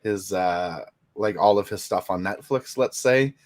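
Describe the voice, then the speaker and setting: A man's voice: low-pitched, unhurried, a little mellow, no room sound. A man co-hosting a casual livestream show, chatting in an upbeat way. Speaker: co-host.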